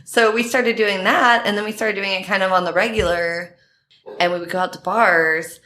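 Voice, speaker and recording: A woman guest telling personal stories in casual chat, animated and laughing often. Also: moderate pace. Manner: animated, laughing often, quoting herself in higher voices. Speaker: podcast guest.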